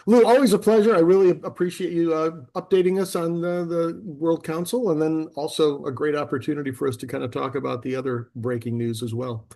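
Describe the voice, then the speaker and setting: A man hosting a fintech podcast, talking in a chatty, animated way with frequent restarts. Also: a little high, a little fast, few pauses. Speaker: podcast host. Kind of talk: casual podcast conversation. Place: local to Atlanta.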